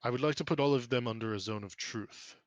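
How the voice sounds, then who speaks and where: Man doing a dragonborn paladin, stern, formal, accusing, mid pitch, dry sound. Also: quick pace, no echo, lo-fi sound, natural voice. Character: stern male brass dragonborn paladin knight.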